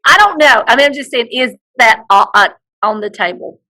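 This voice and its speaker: A woman's voice: a little high, expressive, a little fast, pushed and bright, rough recording. A woman co-hosting a podcast, chatting casually and joking and teasing her partner. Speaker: podcast co-host. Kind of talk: casual chat.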